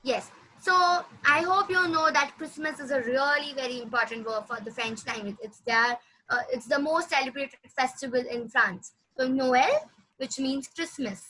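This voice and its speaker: High, bright woman teaching. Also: rough recording. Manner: patient, repeats words slowly for the student. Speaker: French teacher. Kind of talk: classroom language lesson.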